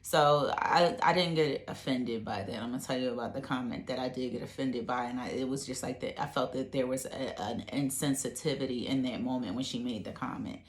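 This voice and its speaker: A woman's voice: a bass voice, fairly quick, few pauses. A woman vlogger chatting casually to her camera at home, rambling with lots of fillers. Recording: echoey room.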